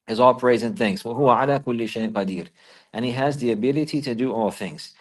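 A man's voice: medium pitch, darkish tone. A man teaching a religious lesson who recites Arabic phrases and then explains them in English, repeating each key point. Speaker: Islamic teacher.

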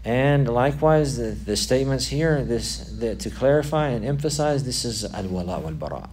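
A man teaches a religious class, repeating key phrases for emphasis and quizzing his students with questions. His voice is mid-range with a darkish tone and lively intonation at normal speed, over slight background noise.

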